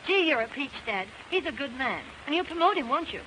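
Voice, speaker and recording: A woman's voice: sits high, sing-song, brisk. An actress playing a spoiled, eager young rich woman in a 1930s film, coaxing and playful. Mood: cajoling. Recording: noisy old film soundtrack.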